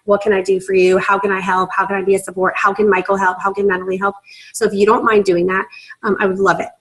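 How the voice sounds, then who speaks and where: A woman's voice: mid-range voice, flat delivery, fast, low-quality recording. A young woman, a team leader on a video call, talking emotionally and gushing with many fillers, close to tears. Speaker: team leader in a sales business.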